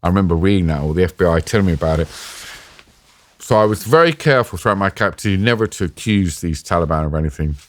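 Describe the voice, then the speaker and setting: A British man, an interview guest, telling a personal story in a halting, emotional way, sometimes choked up. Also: sits low, lively intonation. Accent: British English. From Britain. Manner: halting, emotional retelling with restarts. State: choked up at times.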